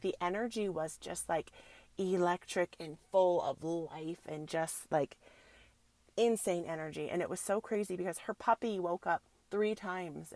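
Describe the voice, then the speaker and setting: On her spiritual self-help podcast, a yoga teacher in her thirties chats loosely, peppering her speech with "like" and addressing listeners as soul sisters. Her lowish voice has a gravelly fry and sounds close and dry on the mic, with no echo.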